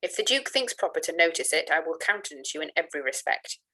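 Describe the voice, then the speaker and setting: A woman reads as an older gentleman guardian who speaks in a grave, measured way. Stern on the surface but kind at heart, in a storybook reading. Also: deep voice, lively intonation, full character voice, low-quality recording.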